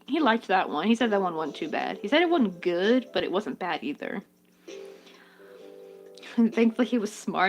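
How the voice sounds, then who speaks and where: A woman chatting casually and giggling while she crochets on her vlog. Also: mid-range voice. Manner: chatty, giggly, talks to her work and to chat. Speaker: crochet vlogger.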